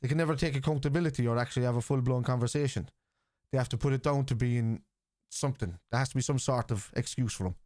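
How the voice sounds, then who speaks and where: Hosting a live football watchalong, a Scouse man with a mid-range voice reacts to the game at a quick pace, bluntly trades arguments with chat, swears freely and shouts out player names. It's a dry, studio-quality recording.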